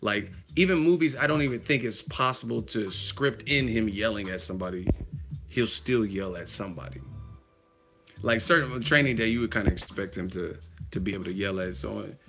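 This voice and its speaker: A man's voice: fairly low pitch, fairly quick, vocal fry. A man vlogging casual boxing commentary in a brash, trash-talking way, laughing often. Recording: music playing underneath.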